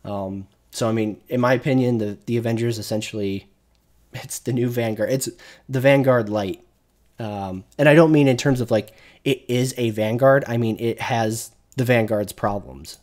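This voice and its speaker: A male streamer rants through a casual gaming commentary, swearing freely and restarting his sentences as he vents. His voice sits at an ordinary middle pitch. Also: moderate pace, darkish tone. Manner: profane, ranting.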